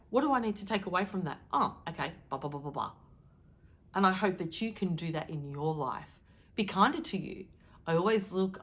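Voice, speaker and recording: A middle-aged woman delivering a channeled daily message to her viewers, emphatic and animated, deliberately shifting her tone to stir emotion. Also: fairly low pitch. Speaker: spiritual card reader.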